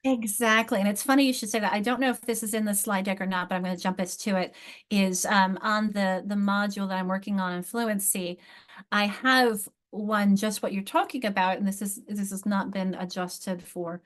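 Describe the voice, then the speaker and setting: A woman's voice: medium pitch, moderate pace. Woman leading an online teacher training. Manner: explanatory, restarts often, animated emphasis on examples. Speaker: literacy trainer.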